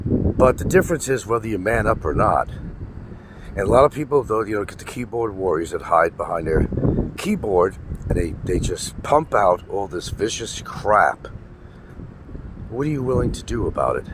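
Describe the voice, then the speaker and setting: Guy venting on his vlog, low voice that jumps around a lot, wind and traffic in the mic. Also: big pitch swings, normal speed. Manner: blunt and profane, repeating himself for emphasis. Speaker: vlogger. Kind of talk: casual ranting monologue. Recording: wind noise and traffic outdoors.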